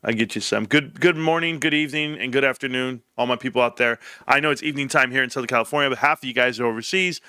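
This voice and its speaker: Excitable bright-voiced male stream host. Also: fast, few pauses, clean tone, no room sound, clean studio sound. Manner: excitable storyteller, jumps high when quoting others. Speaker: livestream host. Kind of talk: casual livestream chat. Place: home, evening livestream.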